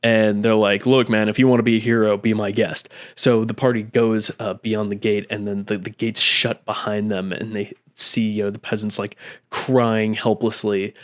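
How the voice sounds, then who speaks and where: A man's voice: lowish voice, little pitch movement, moderate pace. A man who ran a tabletop game, chattily retelling the session into his own microphone and acting out what the players said. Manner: chatty, acts out quotes with frequent "I'm like". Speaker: game master. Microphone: own microphone at a desk.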